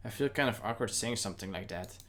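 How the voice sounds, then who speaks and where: A man streams a visual novel as a casual let's-play, reading the narration and voicing every character himself while breaking off for joking asides. His voice is on the low side, fast, and a bit bright.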